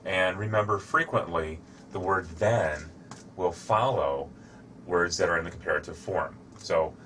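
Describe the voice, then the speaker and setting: A man giving a slow, deliberate English grammar lesson, showing objects as he explains. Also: low-pitched, bright, forceful tone, a little hiss or hum. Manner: shows objects to camera while explaining. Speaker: English teacher.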